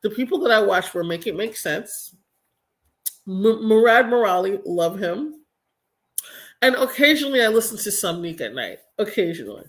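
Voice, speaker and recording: A young woman talks straight into her computer mic on a live stream. She is chatty and a little exasperated, with plenty of slang and asides to her viewers. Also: mid-range voice. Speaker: live-stream commentary host. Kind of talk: casual live-stream commentary.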